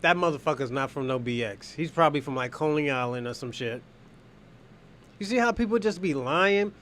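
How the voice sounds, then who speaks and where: High-voiced man giving mocking commentary. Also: animated, brisk, a bit bright, a little hiss or hum. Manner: mocking, blunt, swears freely, laughs at others. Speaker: streamer reacting to rally footage. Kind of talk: casual profane reaction commentary.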